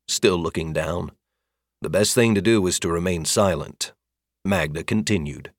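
A man narrating a fantasy audiobook with steady, expressive storytelling. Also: low voice, measured pace, no room sound, clean studio sound.

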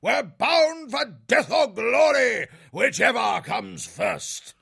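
Big old hare officer, bellowing, very high, gravelly, drawn-out audiobook character. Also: male voice, very animated, sharp tone, full character voice. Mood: roaring. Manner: roaring gravelly sea-captain orders.

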